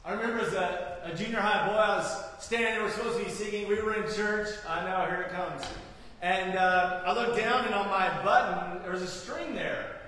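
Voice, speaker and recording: A man's voice: sits high, moderate pace, pushed and bright, a little hiss or hum. A man preaching a sermon as pastor, earnest, with dramatic emphasis when he voices the prophet's cries. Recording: echoey hall from far off.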